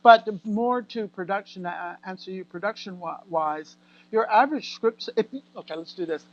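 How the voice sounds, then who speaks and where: An American actress talking casually as a guest in an interview, animated and laughing often as she acts out what people said. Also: mid-range voice, moderate pace, muffled recording. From United States. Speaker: guest actor.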